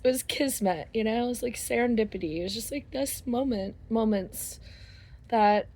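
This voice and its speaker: A woman's voice: fairly high pitch, darkish tone. A middle-aged woman telling a rambling, casual story to her viewers, laughing often and swearing freely. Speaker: vlogger.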